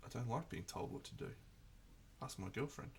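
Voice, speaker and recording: A man's voice: mid-range voice, expressive, moderate pace, gravelly, a little hiss or hum. A man chatting casually on a live stream while painting miniatures, reflective and rambling, often restarting his sentences. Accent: Australian.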